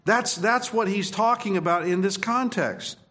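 A man's voice: high voice, a little slow, a bit bright. A man preaching a sermon, emphatic, repeating phrases and restarting his sentences. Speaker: pastor.

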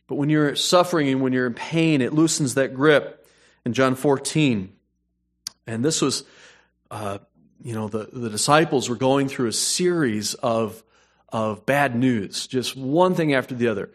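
A man preaching a sermon, moving between hushed storytelling and emphatic, rising points. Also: mid-range voice, unhurried. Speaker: pastor.

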